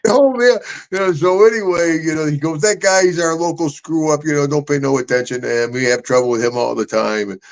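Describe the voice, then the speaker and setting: A man co-hosting a casual talk show, telling animated road stories, laughing often and jumping high into voices when he quotes people. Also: brisk, creaky, low-quality recording. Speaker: podcast co-host, retired wrestler telling road stories. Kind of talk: casual storytelling chat.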